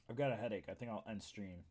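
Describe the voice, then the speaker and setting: A man's voice: on the low side, darkish tone, slightly rough. A man streaming live, chatting casually with friends and his chat, crude and boastful, swearing a lot. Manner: talks to chat between jokes.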